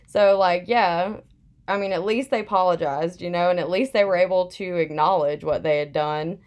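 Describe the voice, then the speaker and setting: A woman's voice: lowish voice, normal speed. A young woman in casual chat, telling a personal story candidly with plenty of "like" fillers.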